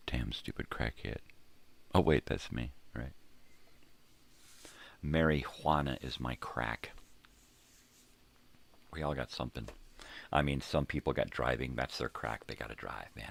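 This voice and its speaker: A man's voice: extremely low pitch, unhurried, creaky, pauses often, fairly bright tone. An older man hosting a rambling, laid-back morning monologue, talking in a casual, profane way from a home room crammed with tapes and records. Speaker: host.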